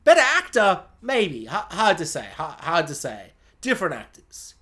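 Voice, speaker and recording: Sarcastic reviewer, lots of laughs, wild pitch jumps. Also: huge pitch swings, normal speed, a bit bright.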